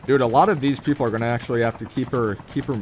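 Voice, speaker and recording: A young man giving excitable, slangy live commentary on a mobile shooter game to his viewers, breaking into sudden high yelps. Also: racing, a little hiss or hum.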